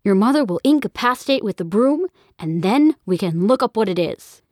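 A woman's voice: medium pitch, normal speed, no echo, clean studio sound, lightly acted. A woman voicing a nervous father who keeps his tone light and casual in an audiobook. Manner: light, casual, falsely calm. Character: nervous, joking adult father. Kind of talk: audiobook character voice.

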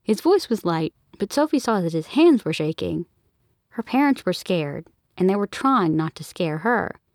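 Brief: woman narrator, animated storybook read, very dry close mic. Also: fairly low pitch, moderate pace, dry recording. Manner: expressive, even storytelling. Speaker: audiobook narrator.

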